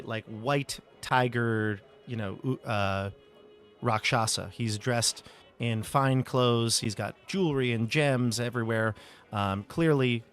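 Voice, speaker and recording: Running a tabletop session as game master, this medium-pitched man narrates casually, often using fillers and starting his sentences over.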